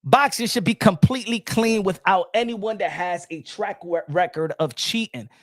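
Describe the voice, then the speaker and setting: A man's voice: sits high, moderate pace, no echo. Emphatic boxing commentator man, dry sound. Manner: emphatic, repetitive, asks the chat and answers himself. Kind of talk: animated solo commentary to viewers.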